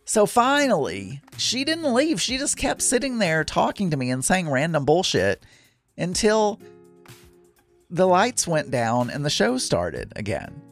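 A middle-aged man telling a rambling, chatty story with exasperated asides. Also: fairly high pitch. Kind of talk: casual storytelling monologue.

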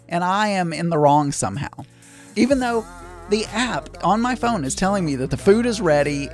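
Exasperated rambling man with a raised voice. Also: sits high. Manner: rambling, with frequent restarts and exasperated asides. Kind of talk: casual storytelling.

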